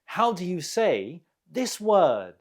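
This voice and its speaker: A man hosting an English quiz lesson, slowly modelling words with deliberate pronunciation. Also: high voice, very animated. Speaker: English teacher.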